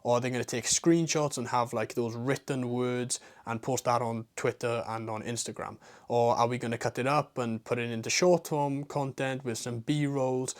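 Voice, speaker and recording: A man's voice: mid-range voice, steady tone, normal speed. A man with a strong British accent coaching straight to camera. He talks in a blunt, casual way, with slang and the odd swear word. He drives his points home with runs of rhetorical questions. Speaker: online business coach. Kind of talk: talking-head advice monologue.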